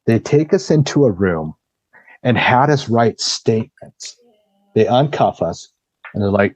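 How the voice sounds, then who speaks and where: A man's voice: on the low side, a little slow, dry recording, muffled recording. A man on a podcast telling a long story in a casual way. He acts out what people said and swears freely. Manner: lively storyteller acting out quoted dialogue, swears freely. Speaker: podcast guest.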